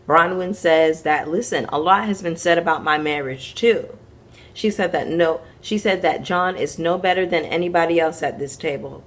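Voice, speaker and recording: A woman with a low voice recapping reality TV for her viewers. She talks frankly and with sass, tossing in slangy asides as she goes. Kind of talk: casual commentary recap.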